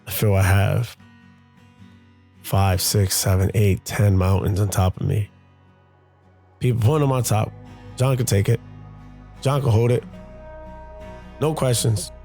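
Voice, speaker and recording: A man's voice: lowish voice, warm tone. A man, a father hosting his own show, speaking in a candid, confessional monologue that halts and repeats as he gathers his thoughts.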